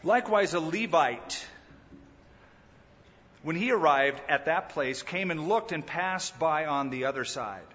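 A male pastor preaching a sermon in a lively way, often acting out the people he quotes. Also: a little high, unhurried, big-room sound, muffled recording. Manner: animated preaching that acts out quoted speakers.

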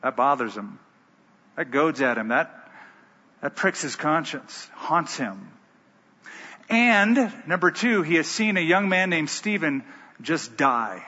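Male pastor preaching, bright husky voice, dull echoey hall sound. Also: fairly high pitch, very animated, takes it slowly, long pauses. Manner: storytelling, emphatic. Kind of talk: sermon.

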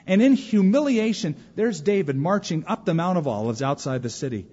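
A pastor delivers a sermon with energy, telling stories and acting out the voices of the people in them. His voice sits high, moves fairly quickly, and has a breathy edge. The recording sounds dull, with long hall reverb.

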